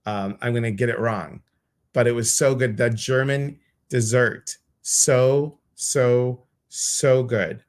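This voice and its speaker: Casting: male live-stream host, gushing, rambly, lots of ums, mid-pitched. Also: fairly even intonation, slow. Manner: effusive, rambling, frequent fillers. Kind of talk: casual live-stream chat.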